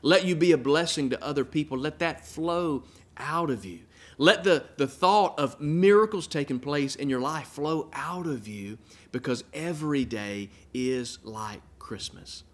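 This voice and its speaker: A man preaching a sermon in a fairly high voice. He builds points through repeated phrases and lets his line endings drop soft and quiet. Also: a little slow. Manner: earnest preaching with emphatic repetition and dropped, quiet line endings. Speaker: pastor.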